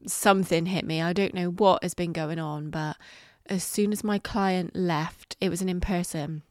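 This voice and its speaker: A middle-aged woman hosting a solo podcast, talking candidly and reflectively, halting with fillers and the odd swear word. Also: fairly low pitch, steady tone, no echo, studio quality. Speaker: podcast host. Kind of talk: casual solo podcast monologue.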